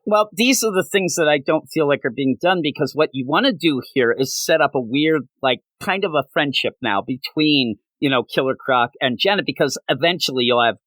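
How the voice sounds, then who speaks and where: A man co-hosting a casual comic book review, talking in an animated way and slipping into goofy character voices. His voice sits fairly high and jumps lively up and down. The sound is dry and close. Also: dry recording. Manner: animated, acts out characters in quick bits, laughs often. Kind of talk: casual podcast chat.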